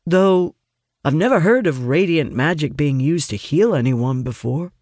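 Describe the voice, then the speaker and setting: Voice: medium pitch, animated, unhurried, darkish tone, no echo, studio quality. A reader voicing a brooding, sarcastic young man who grumbles short, grudging replies. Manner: gruff and muttering, terse replies.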